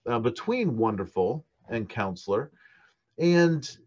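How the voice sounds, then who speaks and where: A man preaching a sermon in a thoughtful, halting way, with many fillers and restarts, on a dull church recording. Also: mid-range voice.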